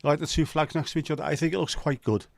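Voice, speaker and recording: A man's voice: a little high, fairly even intonation, racing, gravelly, no room sound. A man who hosts a casual live stream, chatting and joking and greeting viewers by name. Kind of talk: casual watch-along chat.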